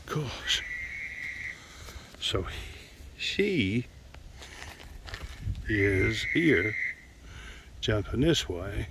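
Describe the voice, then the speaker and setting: A man's voice: on the low side, lively intonation, drawn-out words, gravelly, long pauses, background noise. A man filming outdoors at night on a handheld phone, musing aloud and muttering to himself, sometimes dropping to a whisper. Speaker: vlogger. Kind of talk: casual narration while filming.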